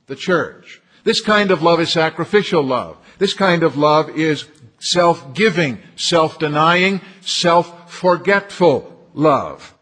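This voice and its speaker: A man delivers a sermon from the pulpit, his voice sitting somewhat high for a man. He speaks in a measured way and often repeats key phrases to drive them home. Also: fairly bright tone. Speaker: preacher.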